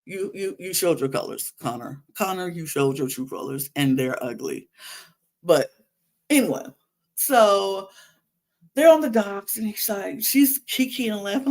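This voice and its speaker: Sassy, animated woman podcaster. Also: mid-range voice, measured pace. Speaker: podcast host recapping a reality show. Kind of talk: casual chat.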